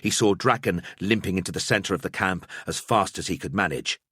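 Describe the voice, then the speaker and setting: A man's voice: deep voice, fairly quick, pushed and bright, breathy edge, dry recording, clean studio sound. A man narrating an audiobook, telling a battle scene in a dramatic storytelling style. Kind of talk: scripted narration.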